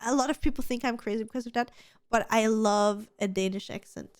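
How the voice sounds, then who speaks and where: A woman's voice: fairly high pitch, a little fast, dry recording. Gushing, giggly woman in her thirties. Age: 30s. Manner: gushing, giggly and freely swearing. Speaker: podcast co-host. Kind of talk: casual chat.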